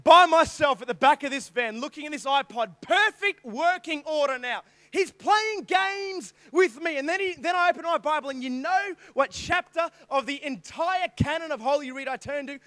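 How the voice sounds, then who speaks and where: A man's voice: extremely high pitch, a little fast, hardly any pauses, sharp tone, dry recording. An Australian man telling a funny, self-mocking story in a youth sermon, talking animatedly and calling out to the crowd. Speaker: youth preacher.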